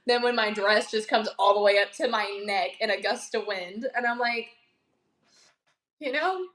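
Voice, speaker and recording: A woman's voice: mid-range voice, moderate pace, a bit bright. A woman guest chatting casually on a livestream, teasing and laughing as she reacts. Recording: roomy echo.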